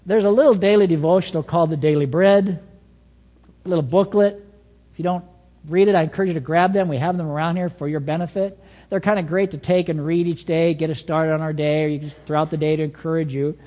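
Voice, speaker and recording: Male pastor, sermon, high lively voice, long hall reverb. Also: fast talker. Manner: animated, storytelling, swings between soft and emphatic.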